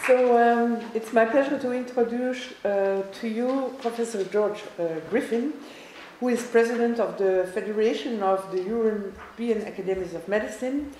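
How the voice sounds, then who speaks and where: Casting note: woman, mid pitch, hesitant formal introduction, very reverberant room with audible noise. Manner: hesitant, with fillers. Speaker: conference chair. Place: large lecture hall. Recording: echoey hall with noise.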